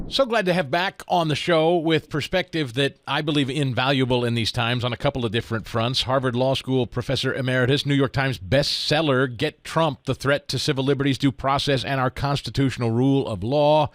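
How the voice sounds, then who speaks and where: A man hosting a talk radio show, giving brisk introductions and asking conversational questions. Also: mid-range voice, fairly even intonation, dry recording, studio quality.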